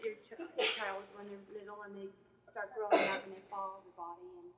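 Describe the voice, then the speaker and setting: A woman in the audience, speaking softly and hesitantly while sharing her own experience. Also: medium pitch, flat delivery, brisk, crowd noise. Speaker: audience member. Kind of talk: question from the audience. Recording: distant, dull audience sound.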